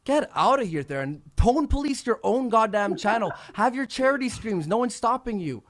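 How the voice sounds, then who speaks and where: A man's voice: high-pitched, very animated, a bit bright. A man hosting a podcast who rants angrily and swears a lot. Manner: angry, profane, rapid ranting. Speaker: show host. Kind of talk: heated podcast rant.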